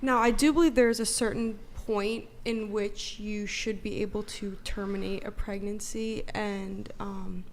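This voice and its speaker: A woman's voice: mid-range voice, steady tone, a little slow, gravelly, few pauses, slight background noise. A woman guest on a podcast panel, answering hesitantly, with lots of fillers and hedging. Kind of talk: casual debate answers.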